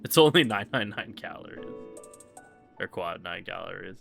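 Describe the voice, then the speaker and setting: A man's voice: deep voice, animated, moderate pace, creaky, a bit bright, faint music behind. A man casually commenting on his live-streamed game speedrun, rambling with lots of fillers.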